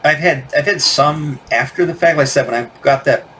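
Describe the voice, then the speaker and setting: A man in his forties hosts a casual reminiscing vlog as a toy collector, telling rambling stories about childhood toys and often correcting himself along the way. His voice is fairly high and a bit bright, and he talks fairly quickly. There's a little hiss or hum on the recording.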